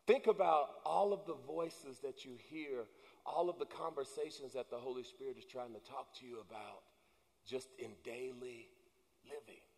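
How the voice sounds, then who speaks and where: A male pastor preaching a sermon, building to shouted emphasis and calling out to the congregation. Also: medium pitch, moderate pace, creaky, long reverb tail. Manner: preaching with rising, shouted emphasis and call-and-response. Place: church sanctuary.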